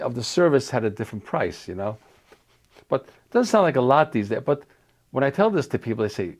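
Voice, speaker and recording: A man's voice: mid-range voice, lively intonation, brisk, a little mellow. An older man from New York reminiscing in an oral history interview, talking loosely with restarts and fillers.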